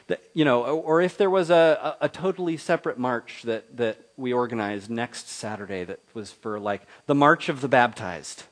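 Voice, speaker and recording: A man's voice: medium pitch, fast talker. A man preaching a conversational sermon as pastor, casual and rambling, with frequent restarts.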